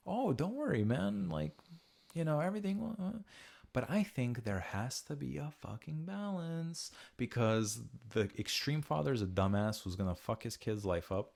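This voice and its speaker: Gravelly-voiced man hosting a casual podcast. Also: on the low side, moderate pace, hardly any pauses. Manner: profane, animated, acts out quoted voices. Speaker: podcast host.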